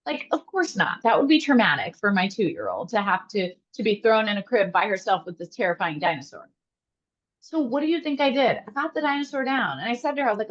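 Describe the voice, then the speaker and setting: A woman therapist answering interview questions, telling stories in an animated way and speaking straight to her listeners. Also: mid-range voice, a little fast. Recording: slightly dull lo-fi audio.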